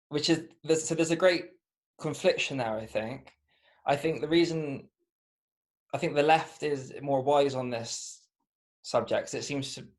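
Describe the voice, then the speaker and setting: A man's voice: medium pitch, vocal fry. A man with a Bristolian accent, a podcast guest talking through ideas casually, thoughtful and rambling, with many fillers and restarts. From Bristol, England. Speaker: podcast guest, comedian and author. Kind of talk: casual interview chat.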